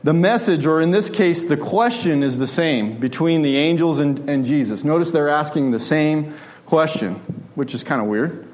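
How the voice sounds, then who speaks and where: A man's voice: a little high, normal speed, a little mellow. A man preaching a sermon in a conversational way, often asking his listeners rhetorical questions.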